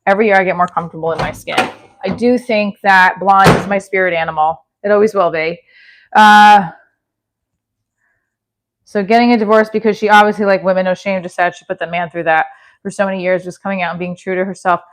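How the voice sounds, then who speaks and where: A woman's voice: medium pitch, steady tone, fairly quick. A chatty woman hosts a casual livestream, reading comments aloud and replying off the cuff. Her talk rambles, full of restarts and self-deprecating asides. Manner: chatty, self-deprecating, answers chat mid-sentence with restarts. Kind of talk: rambling casual live chat.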